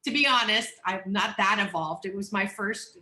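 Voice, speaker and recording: A woman who is a psychologist and coach, a guest on a podcast interview, telling personal stories in a candid, animated, expressive way. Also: mid-range voice, moderate pace, echoey room. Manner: animated, expressive, acts out voices, laughs often.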